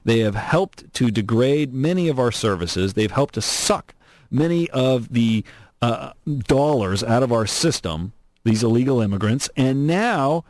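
A man hosting an opinionated political talk radio show from Southern California, animated, sarcastic and emphatic. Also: mid-range voice, a little slow, no room sound. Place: radio studio.

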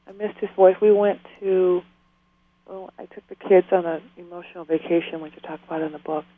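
A woman with a lowish voice speaks a little fast with fairly even intonation. As an author being interviewed over a tinny phone line, she talks earnestly and from the heart, prone to both tears and laughter in an emotional conversation.

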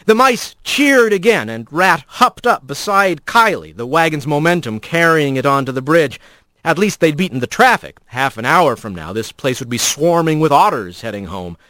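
A man narrating an audiobook in an expressive, animated storytelling manner. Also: a little high, normal speed, no room sound.

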